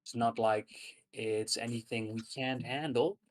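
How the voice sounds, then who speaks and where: A game master voicing an excitable young woman in a tabletop game, speaking upbeat and lively. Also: mid-range voice, unhurried, distant mic, close to an everyday voice. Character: excitable young woman who loves blowing things up.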